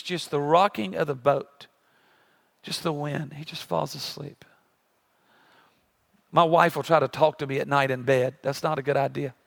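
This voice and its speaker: A man in his forties preaching a sermon, his voice pitched high and bright with a gravelly edge. He tells jokes and acts out noises before turning to his message. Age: 40s. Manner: humorous storytelling with sound effects. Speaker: pastor.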